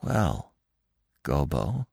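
A man voicing a shy, bewildered young male deer who speaks softly and hesitantly in a storybook reading. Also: on the low side, sing-song, unhurried, gravelly, no room sound, studio quality, exaggerated voice. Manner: soft, hesitant.

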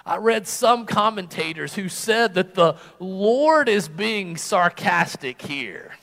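A man delivers a sermon at a church service, his voice high and bright with a forceful edge. He presses his points emphatically and sinks into hushed, quiet delivery when he quotes. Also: expressive, slow pace. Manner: emphatic, dropping to hushed tones for quoted words. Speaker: preacher.

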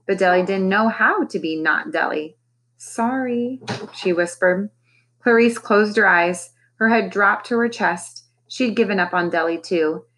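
A woman's voice: medium pitch, moderate pace, fairly bright tone. A woman, a teacher, reading a children's novel aloud expressively and raising her voice for the characters' lines.

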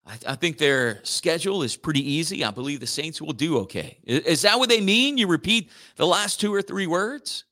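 Male morning radio host, loose and jokey, bright forceful tone, a bit high-pitched. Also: very animated, brisk, few pauses. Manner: rambling, joking, does playful robot voices.

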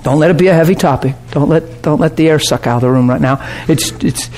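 High-voiced preacher man, chatty and laughing. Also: fast talker, darkish tone. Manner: conversational, checks in with the class, laughs often. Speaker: pastor. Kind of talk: sermon teaching. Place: warm classroom or church hall.

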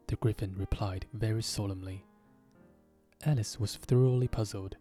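A man narrating a storybook reading in a steady, even manner. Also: fairly low pitch, moderate pace, soft background music.

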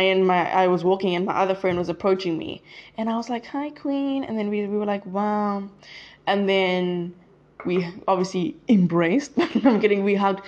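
A woman's voice: medium pitch, a little mellow, highs cut off. A teenage girl talking casually to her viewers in a chatty, rambling way that often drifts off track. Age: teens. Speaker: vlogger. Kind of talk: casual chat to camera.

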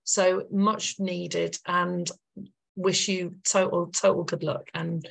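A woman hosts a podcast interview in a gravelly voice with heavy vocal fry. Her pitch sits fairly low. She speaks effusively and warmly praises her guest. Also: little pitch movement, slow. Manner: effusive, thanks guest with long lists of praise. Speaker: podcast host. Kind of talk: interview talk.

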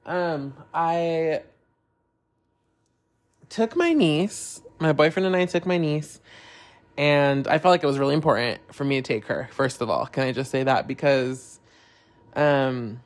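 A man's voice: on the high side, unhurried, long pauses. Candid swearing man hosting a podcast. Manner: candid, swears freely, talks openly about feelings. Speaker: podcast host. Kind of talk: casual solo podcast chat.

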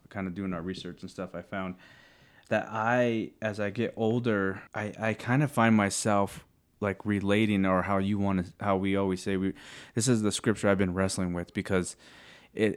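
A man sharing scripture in casual faith talk, earnest and halting, often searching for words. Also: on the low side, steady tone, smooth.

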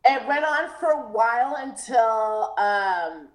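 A woman's voice: a little high, lively intonation, takes it slowly. A woman guest in a casual interview over a video call, emotional, laughing often and trailing off into restarts. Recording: roomy echo.

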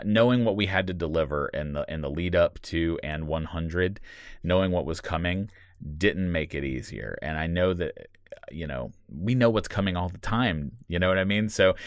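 Podcast co-host, male, very deep, animated and casual, dry close-mic sound. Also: dry recording. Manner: animated, laughs easily, swears casually. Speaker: podcast co-creator and writer.

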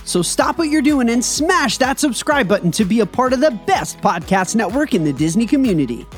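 Promo announcer, lively sing-song read, soft music bed behind. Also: medium pitch, a little fast. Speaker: network announcer.

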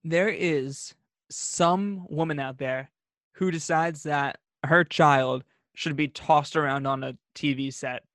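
Man, high voice, podcast co-host, dry close sound. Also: slow, no echo. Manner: animated, opinionated storyteller. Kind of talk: casual chat.

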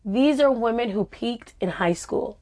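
A woman co-hosting a casual chat, opinionated and quick to laugh. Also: a little high, expressive, mellow. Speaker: podcast co-host. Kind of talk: casual chat about reality TV.

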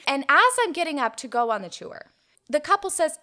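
A woman's voice: high-pitched, big pitch swings, moderate pace, bright, forceful tone. A woman in her twenties telling a story in a casual podcast chat. She talks in a chatty way and leans on "like" as a filler. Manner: chatty, heavy use of "like" fillers. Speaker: podcast co-host.

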